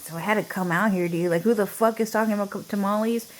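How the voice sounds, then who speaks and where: A woman's voice: medium pitch, fairly even intonation, fast talker, slight background noise. A woman ranting casually into the camera, swearing often and filling her speech with "like" and "dude". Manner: profane, fills speech with "like" and "dude". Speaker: vlogger. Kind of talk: casual rambling rant.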